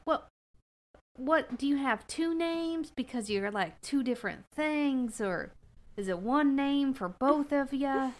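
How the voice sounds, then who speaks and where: A woman's voice: high-pitched, animated, slow pace. A woman playing a tabletop game in character, chatty and rambling, full of questions. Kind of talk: in-character tabletop role-play.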